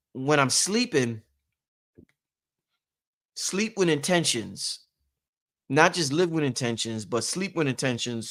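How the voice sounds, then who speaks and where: A man's voice: medium pitch, a bit bright. A man hosting a casual livestream who gives rambling, preachy motivational talk and repeats his points for emphasis. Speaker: livestream host.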